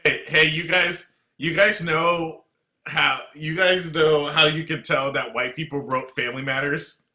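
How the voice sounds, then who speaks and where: Bright-voiced, playful man guest. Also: on the high side, fairly even intonation, unhurried. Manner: playful mock-formal asides. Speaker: podcast guest, comedian. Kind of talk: casual podcast banter.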